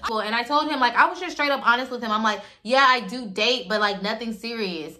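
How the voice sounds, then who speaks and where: A young woman telling a casual story to her viewers, animated and acting out the people she quotes. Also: a little high, a little fast, faint music behind. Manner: animated, acts out quotes in shifting voices.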